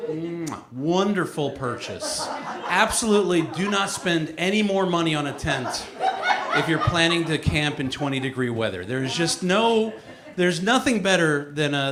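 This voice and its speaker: Wry stand-up comedian, echoey room. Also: male voice, on the high side. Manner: wry, self-mocking storytelling.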